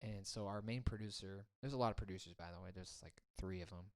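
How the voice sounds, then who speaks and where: A man's voice: low voice, fast, darkish tone. A young man, a musician, recounting his band's history in a casual chat, rambling with many fillers. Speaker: guest musician.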